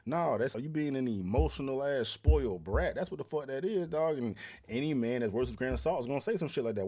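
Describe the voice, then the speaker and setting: Man host, mid-pitched voice, blunt slangy reaction commentary. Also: a little mellow.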